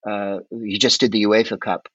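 A man's voice: fairly low pitch, little pitch movement, moderate pace, fairly bright tone, slightly rough, no room sound, dull audio. A man from the Bay Area chatting as a podcast guest, rambling and emphatic, swearing freely. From San Francisco Bay Area. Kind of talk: casual conversational storytelling.

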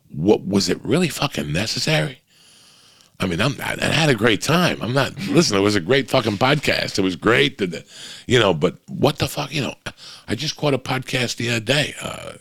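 A middle-aged man with a very low, gravelly, wheezy voice rambles through a confessional podcast monologue, swearing constantly. He sounds close and dry on a podcast mic, with no room around him. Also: a bit bright, no echo. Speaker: podcast host. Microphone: podcast microphone.

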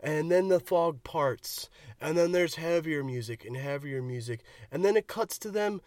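A man's voice: a little high, normal speed, no room sound, studio quality. A man co-hosting a podcast, chatting casually and cracking jokes about a movie. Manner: animated, jokey. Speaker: podcast co-host. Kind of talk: casual movie review chat.

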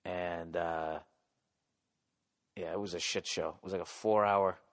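A middle-aged man with a Boston accent hosting his own podcast. He rants in a profane, comic style and yells at times. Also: low-pitched, steady tone, a little slow. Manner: profane, ranting, yelling at times. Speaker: podcast host. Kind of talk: solo comedic podcast rant.

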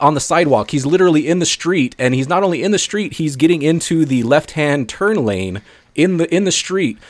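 A man co-hosting a podcast, telling stories in a rambling, excitable way with lots of fillers. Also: on the high side, no room sound. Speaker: podcast co-host. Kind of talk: casual chat, storytelling.

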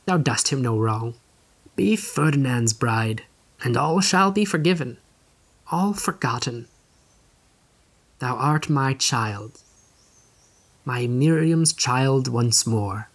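A man's voice: mid-range voice, lively intonation, slow, pauses often. Frail, agitated old father, male reader - urgent, archaic, fatherly. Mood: persuasive. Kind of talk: audiobook reading.

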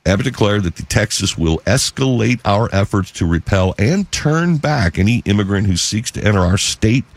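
A man hosting a talk radio show, delivering an emphatic news monologue and slowing down to stress figures. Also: lowish voice, expressive, no echo.

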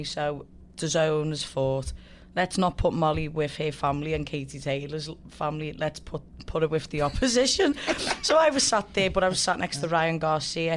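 Woman, podcast guest, casual storytelling, swears a lot, acts out quotes, faint background noise. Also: deep voice. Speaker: guest fighter.

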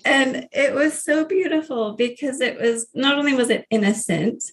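A woman in her thirties, a grief coach, earnestly telling her personal story in an interview, with soft laughs. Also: sits high, moderate pace.

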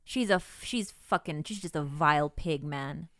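A woman co-hosting a podcast in casual chat, blunt and swearing, pausing often with ums. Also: sits low, fairly bright tone, dry recording, studio quality. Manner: blunt, hesitant with many ums while telling a story. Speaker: podcast co-host.

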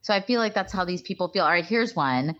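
Co-host type: chatty, jokey woman with a slightly low voice, muffled lo-fi recording. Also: lively intonation, fast talker, crowd noise. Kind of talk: casual chat. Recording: dull lo-fi sound.

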